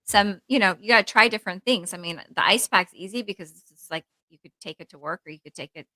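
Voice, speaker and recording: A bright, forceful woman's voice in a casual podcast chat, rambling and animated, with plenty of "like" as she acts out her own inner voice. She speaks as a therapist, and the sound is close and dry, with no room in it. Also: medium pitch, quick pace, no echo, poor audio. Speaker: therapist co-host.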